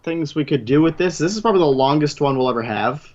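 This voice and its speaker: A man's voice: on the high side, animated, quick pace, highs cut off. A man co-hosting a podcast in a laid-back, dry-humoured chat, losing his voice from a dry throat. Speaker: podcast co-host. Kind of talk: casual chat.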